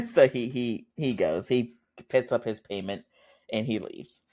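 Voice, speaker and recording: A man's voice: medium pitch, expressive, unhurried, mellow. A man hosting a podcast, chatting casually through an episode recap with lots of fillers and frequent laughs. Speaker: podcast host.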